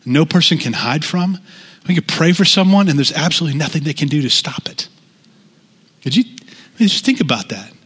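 Guy pastor preaching, kinda high voice, talky, lots of repeats, big echoey church sound. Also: expressive, a little fast, pauses often, a bit bright, slightly rough. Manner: conversational preaching with rising intensity and repeated phrases. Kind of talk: sermon.

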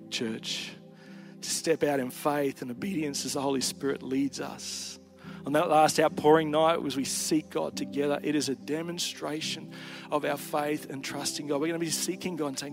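A man's voice: fairly high pitch, normal speed, over music. A male pastor delivering a sermon, telling a story earnestly, his voice swelling and dropping.

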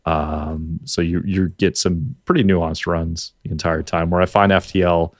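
A man's voice: low-pitched, flat delivery, measured pace, no room sound, clean studio sound. A Canadian man with a Canadian accent chatting casually about video games on a podcast, rambling and restarting his sentences. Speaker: podcast co-host. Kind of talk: casual gaming chat.

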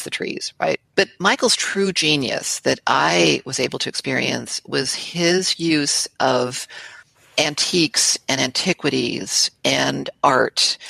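A woman, an interior designer, talking in an animated, conversational way as an interview guest, with frequent laughs and soft trailing asides. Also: a bass voice, gravelly, husky, dry recording.

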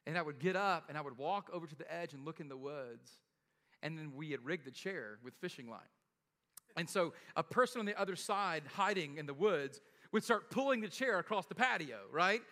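A man gives a sermon like he's telling stories to friends, laughing and asking "right?" as he goes. His voice sits high and sounds bright. A long reverb trails after him, as in a large hall. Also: animated, moderate pace. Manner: casual, joking storyteller with frequent laughs and "right?". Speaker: pastor.

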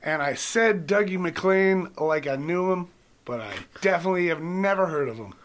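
A man's voice: high-pitched, expressive, normal speed. A man telling rambling, jokey stories in a casual chat with friends. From Canada.

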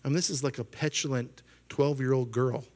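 Animated pastor in his thirties preaching. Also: fairly quick. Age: 30s. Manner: animated, acts out quoted voices with rising pitch; asks the congregation questions. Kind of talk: sermon.

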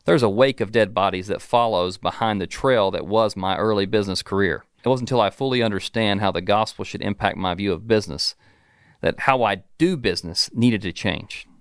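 A male host reads scripted narration in a low voice. The recording is dry and close. His tone is smooth and resonant with some fry, and he speaks reflectively and directly. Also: fairly quick, fairly bright tone, no room sound. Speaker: podcast host.

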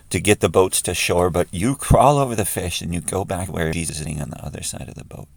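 Deep voiced guy leading guided prayer, chatty and restarting a lot, dry close sound. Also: fast talker, creaky, hardly any pauses, no echo. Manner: conversational, with frequent restarts.

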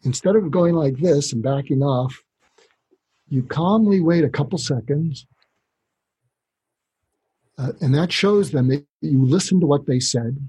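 Man, podcast guest, doctor, calm explainer, very raspy voice, warm dark tone. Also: on the high side, measured pace, long pauses, poor audio. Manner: calm, explanatory, demonstrates dialogue. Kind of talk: podcast interview.

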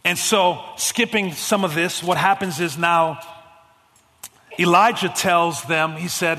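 A man preaching as a guest pastor, casual with slang, swinging between loud fervent calls and hushed storytelling. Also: high voice, takes it slowly. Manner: casual, youthful slang and repetitions. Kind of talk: sermon. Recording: long hall reverb.

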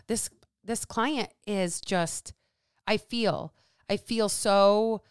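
A woman hosting a podcast, speaking in a smooth, clear voice at a middle pitch. She talks bluntly and casually, with plenty of swearing and repeated phrases for emphasis. The recording is dry and close. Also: no echo. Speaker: podcast host and nutrition coach. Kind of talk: casual monologue.

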